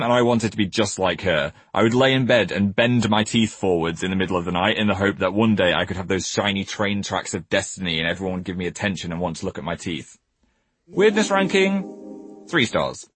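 A man reads out funny stories about his own childhood in a playful, self-mocking voice. His pitch swings a lot and has a slightly husky grain. The recording is close and dry. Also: a bit bright, no room sound. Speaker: co-host reading his own book. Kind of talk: casual comic reading and chat.

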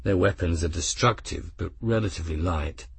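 A man doing a quiet, steady veteran captain. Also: deep voice, normal speed, gravelly, husky, dry recording, heavily acted. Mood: calm. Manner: quiet, calm, matter-of-fact.

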